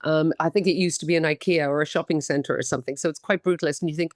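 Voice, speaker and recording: A middle-aged Irish woman speaks in a slightly low voice, candid and chatty, laughing at herself and dotting her talk with "um"s. She sounds like a guest in a podcast interview, recorded close and dry with no room echo. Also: steady tone, rapid-fire. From Ireland. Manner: candid, chatty and self-deprecating, with many "um"s. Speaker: guest actress.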